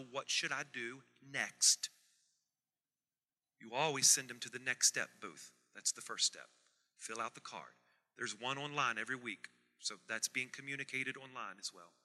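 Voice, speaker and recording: A man preaching a sermon as pastor, swinging from soft asides to loud emphatic repetition. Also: mid-range voice. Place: church sanctuary. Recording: reverberant church hall.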